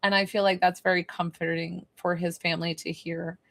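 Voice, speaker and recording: A woman giving a psychic reading and healing on a live stream, talking in a soft, emotional, rambling and reassuring way. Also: on the low side, flat delivery, brisk, creaky. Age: young adult or middle-aged, a mother. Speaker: psychic medium and energy healer, live stream host.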